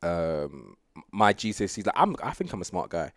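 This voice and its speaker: This young man speaks at a normal speed in a low-pitched voice, a guest sprinter in a casual interview who rambles comfortably, filling gaps with fillers and laughs. Studio quality, no room sound.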